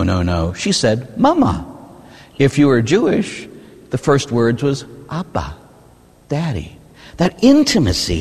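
A man, a Catholic priest, preaching a lively sermon, often checking in with a "huh?" and swinging between loud and hushed delivery. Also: high-pitched, breathy edge. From United States. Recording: long hall reverb.

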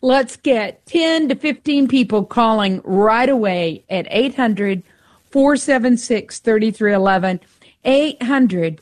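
A woman co-hosting a radio fundraiser who thanks donors and reads out the call-in number slowly. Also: on the high side.

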